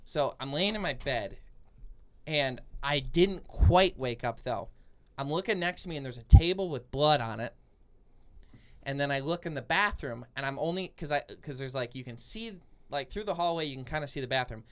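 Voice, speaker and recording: A man's voice: mid-range voice, expressive, moderate pace, a bit bright. A young man co-hosting a podcast, telling a long dream story in casual chat, full of fillers and restarts. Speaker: podcast co-host.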